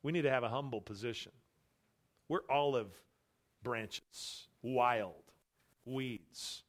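A man's voice: mid-range voice, slow pace. A male pastor preaching an expository sermon, emphatic and repeating his key phrases. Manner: emphatic, repeats key phrases, voices imagined boastful believers.

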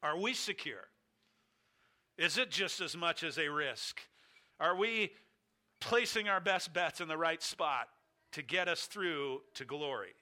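Middle-aged guy preaching, tells it like a story, repeats for punch, bright sharp voice. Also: fairly high pitch, expressive, measured pace, pauses often. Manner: storytelling, emphatic repeated phrases. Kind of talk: sermon illustration.

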